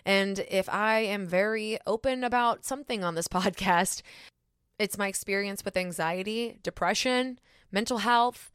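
A woman's voice: mid-range voice, measured pace, fairly bright tone, clear, resonant tone, no echo. Bubbly woman in her 30s chatting on her podcast, laughs a lot, dead dry mic. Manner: bubbly, laughs often, self-teasing. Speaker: podcast host. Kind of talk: casual solo podcast chat.

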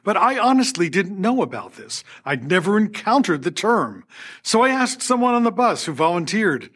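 Very animated and high-voiced, an older man narrates a personal story from a script on his podcast at a moderate pace. A podcast host and orchestra conductor, he sounds a bit bright with a breathy edge and performs quoted dialogue with little laughs.

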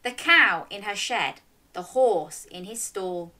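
Lively woman reading a children's story. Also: medium pitch, takes it slowly. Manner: animated, coaxing listeners to join in with animal sounds. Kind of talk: reading a picture book aloud to young children.

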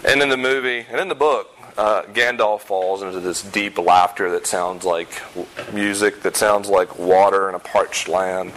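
A pastor preaching a sermon in a conversational way, with self-deprecating humor and emphatic repetition of key points. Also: male voice, deep voice, flat delivery, normal speed, a bit bright, slight background noise, low-quality recording. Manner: emphatic, repeats key phrases.

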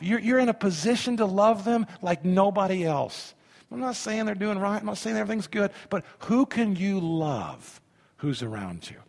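A man's voice: sits high, gravelly, a little mellow. A man in his fifties, a pastor preaching a sermon with emphasis and leading his congregation in call-and-response. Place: church sanctuary. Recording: reverberant church hall.

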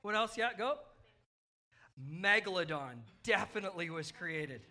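Bright, upbeat children's pastor. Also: medium pitch, animated, a little slow. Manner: playful, upbeat, coaxing kids along. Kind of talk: children's sermon to kids and adults. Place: church service.

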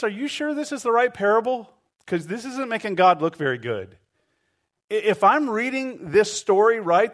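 A middle-aged man preaching a sermon, telling a story animatedly and acting out the voices of the people in it. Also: high voice. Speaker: pastor.

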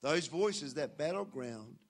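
A man preaching a sermon, telling stories with animated swings from loud to quiet. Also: on the high side, takes it slowly.

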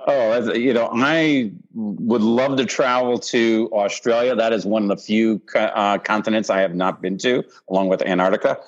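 A man's voice: on the low side, fairly even intonation, moderate pace, few pauses, highs cut off. A man guest in a casual chat, polite and chatty. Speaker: panel guest.

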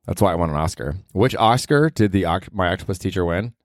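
Low-voiced man rambling on a podcast. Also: animated, fast talker, no echo, studio quality. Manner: rambling, profane, self-mocking. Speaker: podcast host. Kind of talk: casual comedic monologue.

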